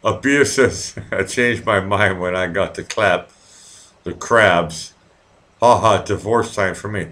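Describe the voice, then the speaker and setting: A man's voice: deep voice, takes it slowly. A man, ranting profanely while chatting live with viewers and reading their comments. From Massachusetts, near Boston. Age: 40s. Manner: profane, rambling and ranting, swings from mumbling to loud outbursts. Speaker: live stream host.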